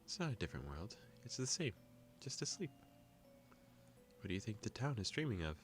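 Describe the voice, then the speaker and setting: A man voicing a quiet, dreamy young woman who speaks softly and distantly while reading visual novel dialogue aloud. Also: on the low side, very animated, brisk, soft background music, voice pushed up.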